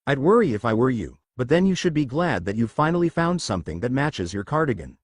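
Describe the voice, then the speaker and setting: A man's voice: medium pitch, big pitch swings, fairly quick, dry recording. Sarcastic teen witch girl, dry and mocking, in a storybook, as a male reader voices her. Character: sarcastic teenage girl witch, daughter of a sea god.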